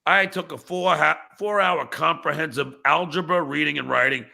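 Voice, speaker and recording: A man hosting a livestreamed podcast who rants angrily at chat commenters, swearing and breaking into shouts, then reads viewer messages aloud and mocks them. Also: a little high, normal speed, vocal fry. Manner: angry, profane, bursts into shouting; reads viewer chats aloud with mocking replies. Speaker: podcast host.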